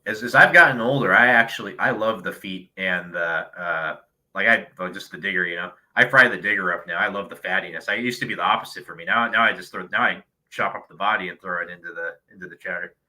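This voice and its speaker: Deep-voiced guy from virginia, super bright tone, laid back and chatty. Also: quick pace, poor audio. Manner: easygoing, laughs along, repeats words. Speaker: guest. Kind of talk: casual chat.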